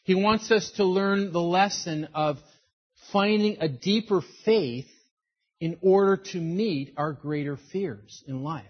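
Husky-voiced pastor telling stories. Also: male voice, high voice, slow, muffled recording. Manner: storytelling, animated, acts out quoted voices. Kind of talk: sermon with personal stories.

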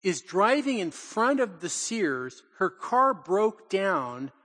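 Older male pastor, high-pitched and animated, storytelling sermon, long reverb in a church. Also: slow. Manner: animated, acts out quotes, laughs often. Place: church in Portland.

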